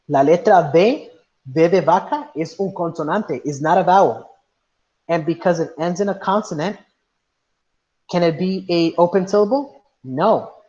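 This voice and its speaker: In an online class lesson, a patient male teacher with a slightly high, slightly mellow voice asks questions and mixes in some Spanish. The sound is dull and lo-fi.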